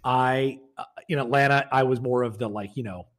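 A man co-hosting a comedic podcast, chatting in an animated way and laughing easily. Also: mid-range voice, normal speed. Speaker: podcast co-host. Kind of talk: casual comedic chat.

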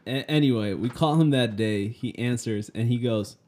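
A man's voice: mid-range voice, normal speed, a little mellow. A young man co-hosting a casual talk show, retelling a story with lots of laughter and acted-out quotes.

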